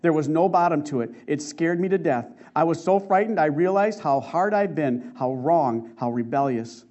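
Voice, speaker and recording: A woman's voice: deep voice, expressive, normal speed, warm tone. A man voicing a remorseful young woman, anguished and urgent, in a muffled lo-fi recording. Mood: urgent, shaken.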